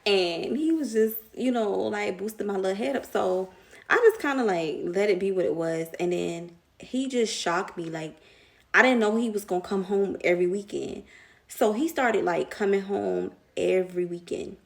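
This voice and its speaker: A woman's voice: medium pitch, normal speed, creaky. A young woman telling a casual storytime to her viewers, slangy and chatty, laughing often.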